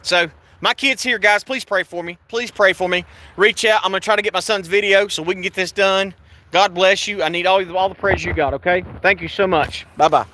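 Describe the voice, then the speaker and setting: A middle-aged man talks agitatedly and swears while chatting in a vehicle, loudly acting out what others said. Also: high voice, steady tone, brisk, rough recording. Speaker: YouTube channel host. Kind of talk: casual vlog chat in a car.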